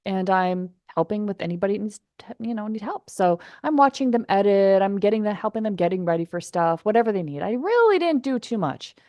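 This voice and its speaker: A woman from Wisconsin, a podcast guest, telling a casual story with animated delivery and acted-out quotes. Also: mid-range voice, fairly quick, no echo. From Wisconsin, United States. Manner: animated, acts out quoted voices.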